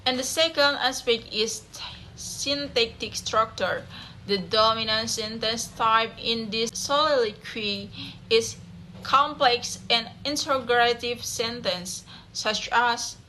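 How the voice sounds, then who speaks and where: A woman's voice: on the high side, slow pace, pushed and bright, slight background noise. A young woman, reading a class presentation aloud, carefully, with small slips and self-corrections. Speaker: student presenter.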